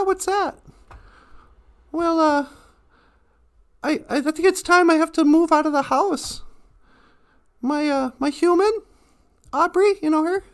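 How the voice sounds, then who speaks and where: A woman voicing a small, worried teddy bear who stammers and hesitates. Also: very high-pitched.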